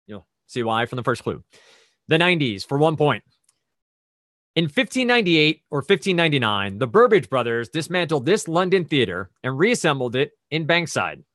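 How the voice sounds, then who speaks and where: A man's voice: a little high, sing-song, moderate pace, fairly bright tone, dry recording, studio quality. A man hosting a trivia quiz over a video call, explaining the rules and reading clues in a conversational, methodical way with chatty asides.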